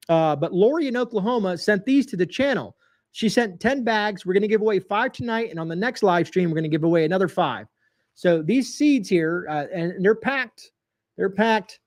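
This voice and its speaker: Male livestream host, high voice, folksy and rambling, addresses viewers as folks. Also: darkish tone. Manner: reads viewer comments aloud, greets chatters. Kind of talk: casual livestream chat.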